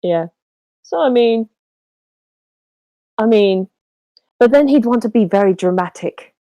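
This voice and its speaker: A woman's voice: on the high side, expressive, unhurried, dark tone, no echo, rough recording. A woman playing a tabletop game in casual chat, hesitant, with many ums and cheerful swearing. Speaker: player.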